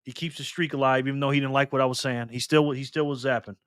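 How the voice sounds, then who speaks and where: A man's voice: medium pitch, fairly even intonation, fast, fairly bright tone, clean tone, dry recording, clean studio sound. A man hosting a casual live stream, joking and chatty as he reads donations and chat messages aloud. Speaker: livestream host.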